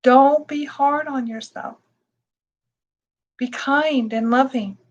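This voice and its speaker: A woman teaching meditation in a calm, reassuring way, often repeating herself and laughing softly. Her voice sits high, and she speaks slowly and patiently, leaving plenty of space between her words. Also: muffled recording. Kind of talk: gentle spoken meditation teaching.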